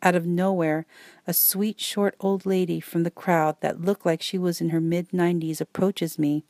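A woman reading a first-person story aloud as an audiobook narrator, in a calm, steady way. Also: on the low side, moderate pace, no room sound, clean studio sound.

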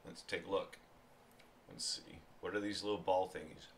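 Man, low voice, rambling casual chat, talking with mouth full, noisy room with clicks and wrapper crinkles. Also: fairly even intonation, normal speed, vocal fry. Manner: rambling, chatty, talks while chewing. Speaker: food reviewer. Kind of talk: casual food-tasting stream chat.

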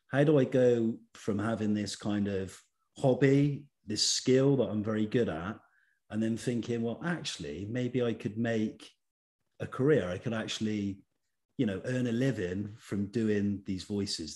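A man's voice: fairly low pitch, a little slow, warm tone. A man hosting an interview, asking long, thoughtful, winding questions. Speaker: podcast host.

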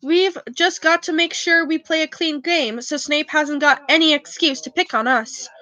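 A woman's voice: sits high, fairly even intonation, normal speed, pushed and bright. A woman voicing a stern young team captain in an audiobook reading, scolding. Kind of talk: audiobook character voice.

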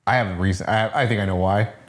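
Low-voiced, blunt podcast co-host man. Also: steady tone, fast talker. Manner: blunt, profane, opinionated. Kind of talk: casual chat.

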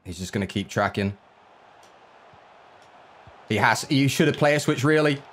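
A young man giving live commentary on his own football video game match, reacting out loud to every play. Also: mid-range voice, animated, a little slow, slight background noise. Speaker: gaming YouTuber.

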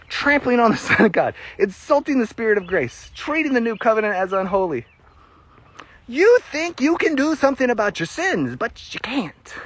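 A man giving a casual, animated Bible teaching during a walk-and-talk, laughing often and getting emotional. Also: high-pitched. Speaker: Christian ministry teacher.

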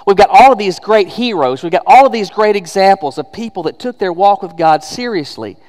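Emphatic preacher in an echoing church. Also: male voice, high-pitched, expressive, a little fast, darkish tone. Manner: emphatic, conversational preaching with rhetorical questions. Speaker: pastor. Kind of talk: sermon. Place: church sanctuary.

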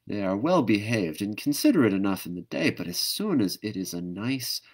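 A man voicing a gentle, weary female kangaroo who complains with fussy sighs in a storybook reading. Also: on the low side, big pitch swings, moderate pace. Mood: grumbling.

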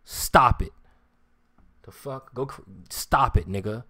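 A man's voice: mid-range voice, slow, pushed and bright. Man ranting heatedly on a livestream. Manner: profane, repetitive, confrontational; insistent, keeps asking "you hear me". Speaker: live streamer.

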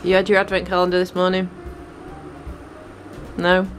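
A British woman vlogging at home, chatting straight to her viewers in a relaxed way. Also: on the low side, moderate pace, faint music behind. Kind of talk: casual home vlog.

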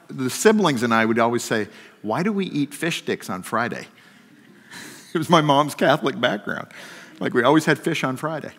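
A middle-aged man telling a personal story during a sermon, shifting between lively and hushed. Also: mid-range voice. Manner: storytelling, swings from animated to hushed. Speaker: guest speaker. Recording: long hall reverb.

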